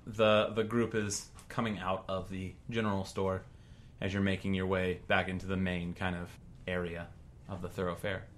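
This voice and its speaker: A man's voice: low-pitched, level tone, moderate pace. A laid-back man running a tabletop game as game master, explaining the rules plainly.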